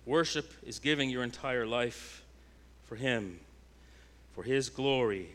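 A pastor preaching a sermon, a man whose delivery swings between loud, emphatic declarations and hushed, intense passages. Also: mid-range voice, slow.

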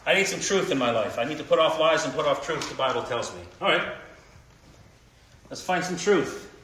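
A bright-voiced man delivers a sermon, dropping to quiet, almost confiding lines and then lifting into emphatic, higher bursts. His voice rings in an echoey room with a faint hiss underneath. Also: moderate pace. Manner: animated, swings between quiet and emphatic. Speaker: preacher.

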